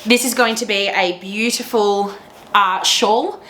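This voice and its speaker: A woman's voice: mid-range voice, steady tone, slow, sharp tone, echoey room, slight background noise. A young woman hosting a knitting podcast, chatting casually and gushing with enthusiasm. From Australia. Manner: gushing, enthusiastic, laughs often. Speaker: teacher. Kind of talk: casual chat to camera.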